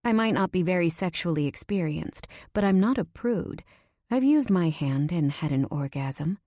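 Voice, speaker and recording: A woman narrating a first-person romance audiobook in an intimate way, dropping at times to breathy whispers. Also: on the low side, animated, moderate pace, mellow, dry recording, studio quality.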